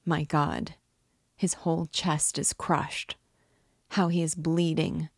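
A woman's voice: deep voice, level tone, slow, creaky, slightly rough, dry recording, studio quality, heavily acted. A woman reading a frantic, irritable wife. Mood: despairing. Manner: loud, irritable crying out. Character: frantic, despairing wife of a dying man. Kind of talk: audiobook reading.

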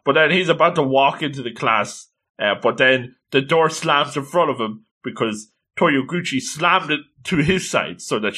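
A man reading a comic aloud in casual commentary, chatty and quick to exclaim at what happens. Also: medium pitch, bright, forceful tone. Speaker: manga reader. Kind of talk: casual read-along commentary.

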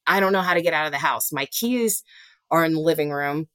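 A woman telling her own story in an interview, earnest and halting, often restarting and acting out what was said. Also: deep voice, fairly bright tone, dry recording. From Louisiana. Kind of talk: personal storytelling in a podcast interview.

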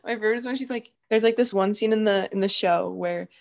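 A woman's voice: mid-range voice, quick pace, gravelly, darkish tone. Woman rambling through a story. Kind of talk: casual chat.

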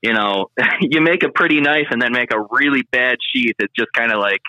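A man's voice: medium pitch, a little fast, sharp tone, no room sound, dull audio. A man with a Michigan accent, a podcast guest chatting easily and laughing often. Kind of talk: casual interview chat.

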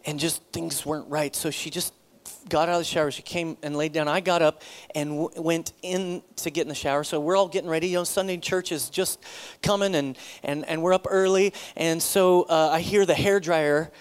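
A middle-aged man, a pastor, telling a personal story in a sermon, acting out the dialogue with sudden loud bursts. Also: on the high side, steady tone, normal speed.

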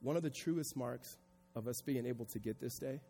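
A male pastor preaching a sermon to a congregation, moving from quiet reflection into loud, emphatic passages. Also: medium pitch, normal speed, big-room sound, slight background noise. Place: church hall with congregation.

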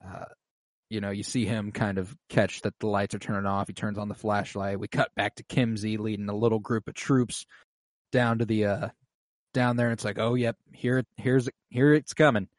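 A man co-hosting a casual podcast, recapping a TV episode excitedly, swearing often and using lots of fillers. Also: fairly low pitch, moderate pace, no room sound. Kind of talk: casual chat.

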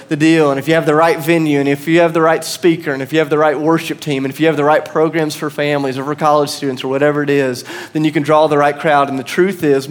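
A man in his thirties with an American accent, preaching a sermon as pastor and telling a story with self-deprecating humor. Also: on the high side.

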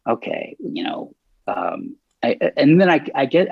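A man with a gravelly, slightly husky voice tells a story in a relaxed interview, stumbling through restarts and playing out his own quoted lines. The sound is dry and a little dull, like lo-fi call audio. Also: mid-range voice, dry recording. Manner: self-described nervous, halting with many restarts; animated, acts out quoted dialogue.

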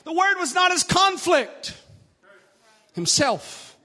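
A man preaching a sermon with repetitive, rhythmic phrasing that builds into shouting. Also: very high-pitched, big pitch swings, slow pace.

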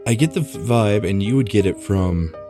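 Deep-voiced man running a tabletop game. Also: normal speed, music in the background. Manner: relaxed, filler-heavy. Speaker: game master.

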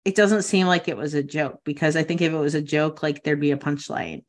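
A woman's voice: deep voice, fairly even intonation, fairly quick. A woman co-hosting a casual podcast chat, talkative and thoughtful, with many "like" fillers. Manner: chatty, frequent filler "like", thoughtful. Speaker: podcast co-host.

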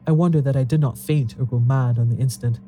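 Dark-voiced man narrating a horror tale. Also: mid-range voice, steady tone, fast talker, slight background noise. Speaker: audiobook narrator. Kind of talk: dramatic narration of a horror story.

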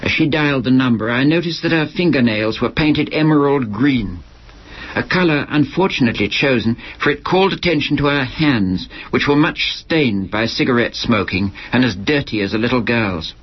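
A man reading aloud from his own book in a dry, measured storytelling manner. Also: mid-range voice, lively intonation, husky. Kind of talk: literary reading. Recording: lo-fi archival recording with faint hiss.

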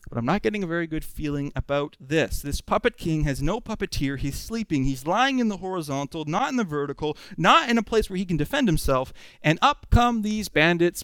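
Male preacher, expository sermon; conversational and animated, with a smooth, crisp tone. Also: a little high, no room sound. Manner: animated, conversational, full of rhetorical questions.

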